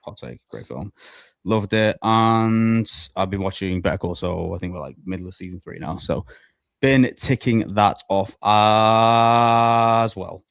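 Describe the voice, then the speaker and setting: Low-voiced guy hosting film talk. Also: creaky, smooth, no echo. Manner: swears casually, quick hot takes. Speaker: podcast host. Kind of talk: casual chat.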